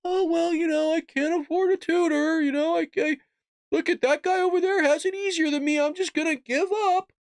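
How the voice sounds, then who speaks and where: A man voicing a whiny young complainer who wants to give up, in a mocking high whine. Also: fairly even intonation, moderate pace, no echo, clean studio sound. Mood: whining.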